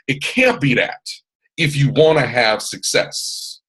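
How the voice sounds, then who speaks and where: A man from Atlanta with a Southern American accent and a resonant baritone, giving an emphatic, preachy motivational training talk on a video call. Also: very animated, takes it slowly, a bit bright, husky, poor audio. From Atlanta, Georgia, US. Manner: preachy, emphatic, repeats phrases, puts on voices of others. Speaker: mentor hosting a live training call.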